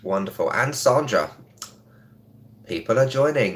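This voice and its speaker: Soft-spoken man with a sore throat. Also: on the low side, normal speed. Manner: chatty, greets viewers, many ums. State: sore throat, talking quietly. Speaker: travel vlogger hosting a live stream. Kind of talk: casual live stream chat. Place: indoors in a home.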